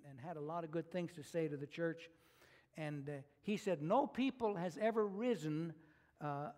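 A man preaching a sermon, retelling scripture in a folksy, animated way with casual asides. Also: fairly high pitch. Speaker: pastor.

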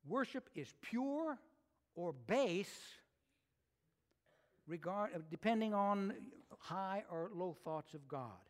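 Casting: male pastor, high voice, folksy animated sermon with casual asides. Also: slow pace.

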